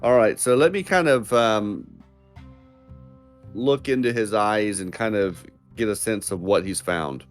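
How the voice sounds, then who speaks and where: A man's voice: fairly low pitch, a little slow, faint music behind. A man playing a tabletop game, talking casually and hesitantly while he searches for words. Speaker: player.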